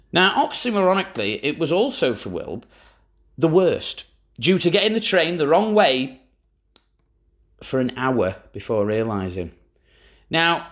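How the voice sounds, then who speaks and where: A man's voice: mid-range voice, fairly bright tone. A man hosting a podcast, telling football stories in a wry, casual way and swearing freely. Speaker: podcast host. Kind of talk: casual storytelling chat.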